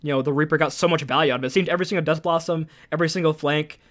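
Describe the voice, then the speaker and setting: A man doing play-by-play commentary as an esports caster, excitable and rising to shouts on big plays. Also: fairly high pitch, rapid-fire.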